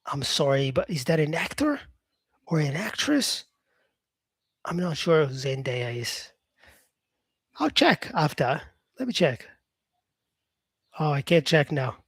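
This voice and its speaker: A male English teacher with an Australian-influenced accent chats with viewers during a live-stream lesson. His fairly high, bright, husky voice swings widely in pitch with no echo, and he's chatty and unhurried, using plenty of "yeah" and "um" and calling people "mate".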